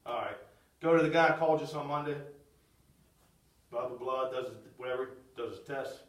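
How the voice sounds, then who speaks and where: A middle-aged man giving a spoken testimony, swinging from loud outbursts to hushed, almost whispered storytelling. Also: mid-range voice, fairly quick, reverberant, distant mic, poor audio. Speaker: speaker sharing a personal testimony. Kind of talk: testimony talk.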